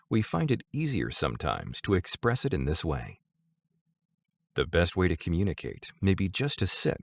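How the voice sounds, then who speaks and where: A man reading Zen teachings aloud in a measured, deliberate audiobook style. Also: sits low, creaky, no room sound.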